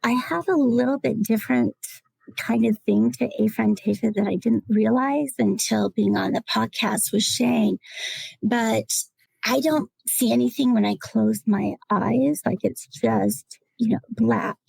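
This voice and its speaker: A middle-aged woman on a podcast panel, speaking in a reflective, halting way that at times turns emotional. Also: on the high side, vocal fry, darkish tone, husky, dry recording, rough recording. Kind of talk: casual chat.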